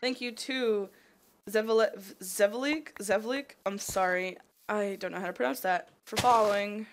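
A Canadian woman with a medium-pitched, unhurried voice chats casually while livestreaming a modded block game. She rambles and leans heavily on "like." The home stream is noisy, with mouse clicks audible.

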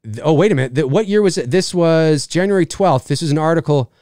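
A man's voice: fairly high pitch, fast, dark tone, no echo, clean studio sound. A man in his forties from Canada hosting a casual live chat show, rambling, repeating himself and swearing casually.

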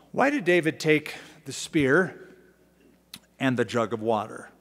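A male pastor teaching a sermon, moving between lively storytelling, casual asides and dramatic readings of scripture. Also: medium pitch, measured pace, vocal fry, pauses often. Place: large church sanctuary. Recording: long church-hall reverb.

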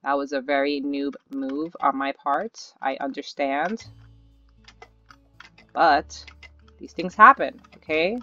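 A gaming channel host giving live gameplay commentary, nervous and excitable, urging themself on out loud. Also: mid-range voice, takes it slowly, long pauses. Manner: excitable, nervous self-talk with repeated urging. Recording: slightly dull lo-fi audio with faint background music.

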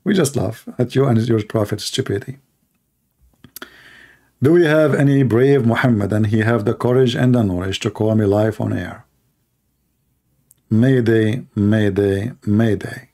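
A man's voice: mid-range voice, normal speed, creaky, warm tone. A man hosting a live call-in stream, mocking and repeating his phrases as he talks to callers and the audience.

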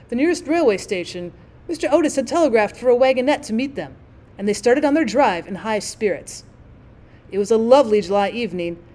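Higher-voiced woman narrating a classic story. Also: a little mellow. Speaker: teacher reading aloud.

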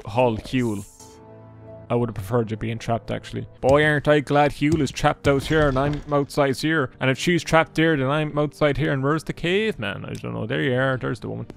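A man's voice: medium pitch, gravelly. A man casually commentating as he plays a video game, joking, swearing freely and chatting to the characters on screen. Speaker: gaming YouTuber. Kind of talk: casual Let's Play commentary.

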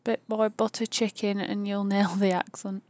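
A woman with a Northern English accent chatting casually and excitedly as co-host of a live stream. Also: medium pitch, normal speed. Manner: chatty and talkative, easily excited.

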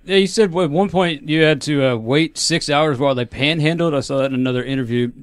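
Man, podcast co-host, brief questions, higher pitch, dry sound. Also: brisk, clear, resonant tone, no echo. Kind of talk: casual podcast interview.

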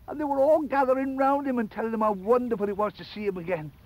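An older man presenting and telling fairy tales to children in a lively, playful way, chatting directly to the viewer. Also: very high voice, quick pace, poor audio. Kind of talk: animated storytelling for children.

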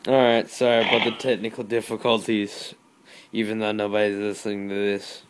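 A young man in casual chat, deadpan and tired, cracking dry jokes. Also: lowish voice, brisk. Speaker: podcast co-host. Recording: faint background noise.

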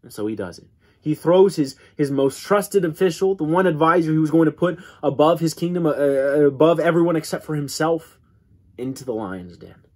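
A man teaching a church Bible class in an earnest way, often restarting words and letting his voice drop low at the ends of lines. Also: animated, normal speed, a little mellow, husky. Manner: earnest, repeats words when restarting, dramatic drops in pitch.

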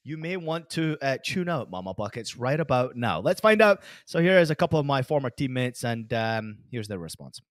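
A man's voice: mid-range voice, fairly quick, few pauses, dry recording, clean studio sound. A middle-aged man from Scotland hosting a podcast, telling rambling, profane stories with lots of energy. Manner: animated, swears constantly, rambling storytelling. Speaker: podcast host. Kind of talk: casual profane chat.

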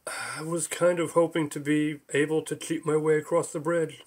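A man voicing a foolish, cheeky male cartoon rabbit in an audiobook, speaking slowly and sheepishly. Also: a little high, flat delivery, natural voice.

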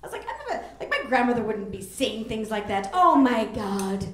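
A woman's voice: a little high, sing-song, quick pace. A woman in her forties doing a brash, rambling stand-up set, jumping into squealing voices, on a comedy club stage with a handheld mic. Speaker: stand-up comic. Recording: echoey club room with audience laughter.

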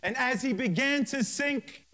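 Male minister, sermon, high voice, slow deliberate delivery, emphatic pauses, fervent interjections. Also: bright, forceful tone. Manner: reads scripture verse by verse with emphatic pauses; fervent, interjects hallelujah and praise God.

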